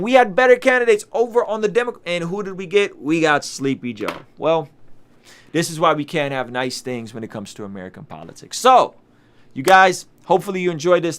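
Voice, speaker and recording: A man with a somewhat high voice that comes across smooth and resonant hosts a live reaction stream. He talks casually to his audience and often trips and restarts as he thinks aloud. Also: a little fast, a bit bright. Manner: chatty, restarts and repeats himself, addresses viewers directly. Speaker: YouTube host.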